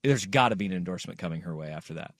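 Man, podcast host, casual chat, high lively voice, dry close sound. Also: very fast, no echo. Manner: animated, riffing, reenacts quotes.

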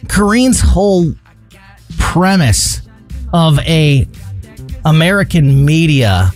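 A man's voice: a little high, lively intonation, takes it slowly, soft background music. A man co-hosting a talk radio show, giving opinionated commentary in an indignant, mocking way.

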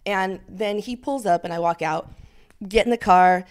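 A middle-aged woman chatting as a podcast guest, telling her story lively and acting out what people said. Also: mid-range voice, moderate pace, clean tone. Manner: animated storyteller, acts out quotes. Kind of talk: casual interview chat.

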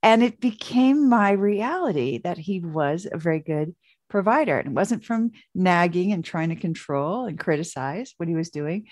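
A woman's voice: fairly low pitch, darkish tone, dry recording, clean studio sound. A woman coach, a guest in an interview, telling stories in a chatty way full of fillers and restarts. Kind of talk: casual storytelling interview.

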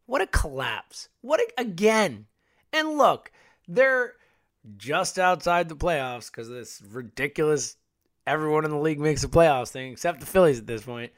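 A young man hosting a casual sports talk, ranting in frustration, his voice swinging from loud outbursts to quiet mutters. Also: a little high, animated, normal speed, no echo, studio quality. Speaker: sports podcast host. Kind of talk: casual sports commentary monologue.

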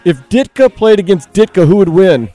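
A young man talks over soft music with a warm, mellow tone, dry and close in a radio studio. He runs lively sports promos, playfully jumping up in pitch to hype what comes next. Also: normal speed, dry recording. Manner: energetic, playful, jumps high in pitch for emphasis. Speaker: radio host.

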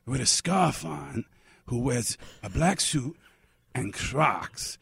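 A man doing a raspy, blustery old movie star. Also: mid-range voice, expressive, takes it slowly, a bit bright, no echo, clean studio sound, heavily acted. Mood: boastful. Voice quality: raspy, gravelly. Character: gravelly aging male movie star, blustery.

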